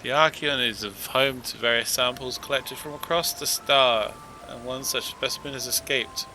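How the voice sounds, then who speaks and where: A man's voice: medium pitch, fairly even intonation, normal speed, pushed and bright, a little hiss or hum. A man doing a flustered fretful archivist. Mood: worried. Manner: flustered, apologetic, stammering. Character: fretful male archivist seeking a lost specimen.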